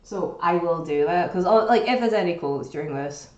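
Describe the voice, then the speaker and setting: A woman's voice: fairly low pitch, animated, moderate pace, lo-fi sound. A young woman chatting casually with her stream viewers, swearing freely and easily amused. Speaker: livestreamer. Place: home kitchen indoors. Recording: echoey room with loud background noise.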